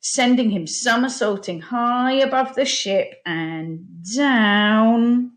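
Here a female primary school teacher narrates a children's picture book out loud. She takes her time, voice expressive and pitch animated, in classic storytelling fashion.

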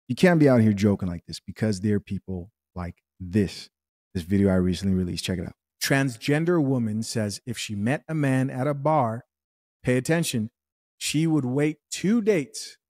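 A man's voice: lowish voice, dark tone, dry recording, clean studio sound. A man hosting a podcast, reacting to a clip with wry, blunt interjections and opinionated commentary. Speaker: podcast host reacting to clips.

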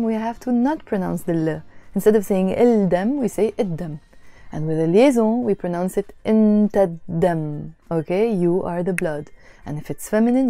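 A woman's voice: mid-range voice, dark tone, no echo. A woman giving a spoken language lesson, patiently repeating phrases and explaining grammar step by step. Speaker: language teacher.

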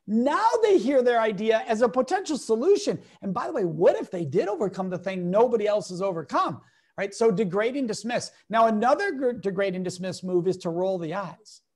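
An emphatic male speaker, a guest educator in an interview, lays out his points with lively energy and slips in acted-out quotes as he tells anecdotes. His delivery is expressive and driven. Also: high-pitched, fairly quick. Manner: emphatic, lively, acts out quotes in different voices.

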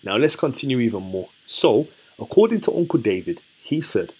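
A man leading a casual Bible study, chatty and relaxed, who asks his listeners questions and then answers them himself. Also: medium pitch, normal speed, husky. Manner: relaxed, chatty and self-correcting. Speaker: scripture teacher.

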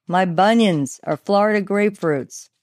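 Blunt nosy old neighbor lady in a book reading , put on by a woman, pitched a bit higher, dry close sound. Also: unhurried, a little mellow, no echo, lightly acted. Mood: scolding. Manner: blunt, calling down from a window. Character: nosy older Italian-American woman neighbor.

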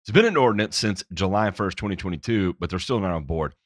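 A man co-hosting a podcast, reading news items with sarcastic, profane, animated commentary on a close mic. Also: low-pitched, quick pace, dry recording. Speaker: podcast co-host.

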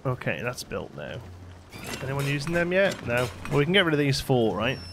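A man's voice: mid-range voice, sing-song, normal speed, gravelly, background noise. A man hosting a let's play, chatting casually as he plays and talking to his game characters. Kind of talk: casual gameplay commentary. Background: faint game music.

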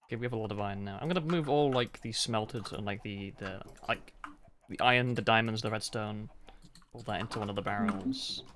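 A man streaming a video game, chatting in a relaxed, halting way and laughing easily. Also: lowish voice, slight background noise. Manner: relaxed, halting, chuckles often. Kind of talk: casual gaming chat.

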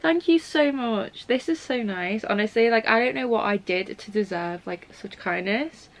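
Speaking at a mid-range, slightly bright pitch and normal speed, a young book vlogger chats casually to camera from her home library, recorded on the camera mic. She gushes, squeals with delight, and peppers everything with "like" and "um."

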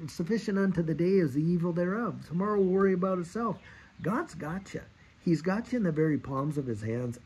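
A man's voice: mid-range voice, darkish tone, breathy edge, low-quality recording. A man in his fifties giving an earnest, exhorting sermon and repeating his key phrases. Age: 50s. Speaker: Christian speaker.

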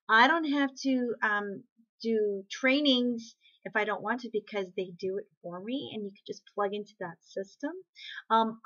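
Woman vlogger, higher-pitched, chatty rant with rhetorical questions, muffled home webcam audio. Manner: animated, repeats rhetorical questions, many restarts. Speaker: network marketing vlogger. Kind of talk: casual talking-to-camera rant.

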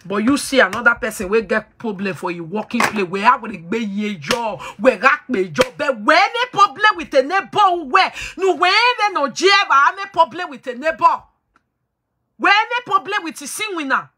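A woman's voice: high voice, expressive, moderate pace, bright, forceful tone, slight background noise. A woman hosting a talk show, lecturing her listeners in an emphatic, preachy way and slipping into pidgin. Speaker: host.

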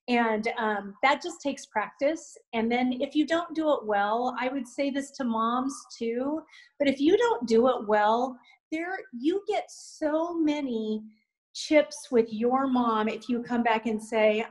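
A woman's voice: fairly high pitch, poor audio. A middle-aged mother speaking on a faith-based panel in an earnest, encouraging way, often acting out what to say. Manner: earnest, encouraging, quick with asides. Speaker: youth ministry guest mom.

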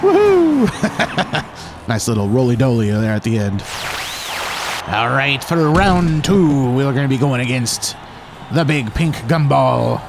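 A man's voice: mid-range voice, measured pace, gravelly, noisy background. A man hosting a gaming channel, giving upbeat, chatty let's-play commentary and now and then slipping into playful pirate talk. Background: game music.

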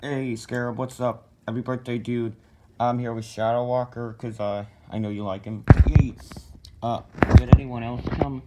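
A man's voice: mid-range voice, level tone, normal speed. A man hosting a goofy comedy skit, rambling and joking in a silly way. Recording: lo-fi with loud hiss.

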